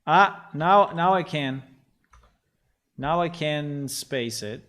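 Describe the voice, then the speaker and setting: A man's voice: on the high side, expressive, takes it slowly, a bit bright. A man casually talking through his game development work on a livestream, rambling and muttering to himself as he goes. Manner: rambling, talks to himself, gets frustrated and swears.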